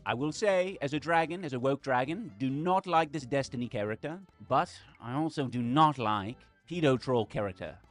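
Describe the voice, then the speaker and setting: A man's voice: medium pitch, moderate pace, few pauses, soft background music, close to an everyday voice. A man voicing a pompous, self-declared woke male dragon VTuber in a put-on British accent, with a theatrical, lilting delivery. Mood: disdainful. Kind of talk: clip of a VTuber stream.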